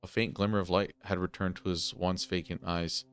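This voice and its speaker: A man's voice: low-pitched, level tone, fairly quick, fairly bright tone, clear, resonant tone. A man reading a text adventure game aloud, breaking off for casual asides. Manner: casual asides between read passages. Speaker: gaming channel host.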